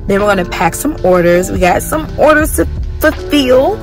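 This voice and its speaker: A woman vlogging casually to her viewers about her small business, bubbly and excited, calling the audience "y'all.". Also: medium pitch, moderate pace, soft background music. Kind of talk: casual vlog talk to camera. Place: in a car.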